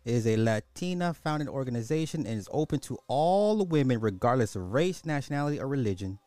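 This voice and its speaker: A man's voice: medium pitch, expressive, fairly quick, mellow, dry recording. A man hosting a commentary podcast, repeating rhetorical questions in disbelief and talking straight to his listeners. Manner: incredulous, repetitive, rhetorical questions; addresses listeners as y'all. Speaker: podcast host. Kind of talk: social commentary reacting to clips.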